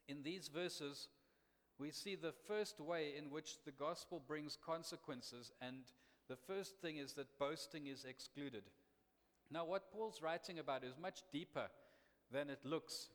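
A man preaching a sermon as a missionary, dramatic, swinging between loud emphasis and hushed quiet. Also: a little high. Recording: long hall reverb.

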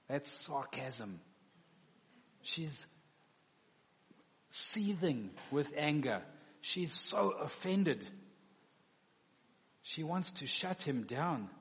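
A man's voice: fairly high pitch, slow, long pauses. A man preaching a sermon, animatedly acting out the quoted words of the figures in his story. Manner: animated, acts out biblical dialogue. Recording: long hall reverb.

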